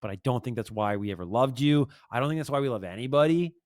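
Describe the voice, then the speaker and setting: A man's voice: mid-range voice, expressive, fast, darkish tone. A man hosting a music breakdown video, talking casually and reading lyrics aloud between comments. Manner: chatty, full of "like" and "bro", reads lyrics aloud. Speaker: music reaction video host.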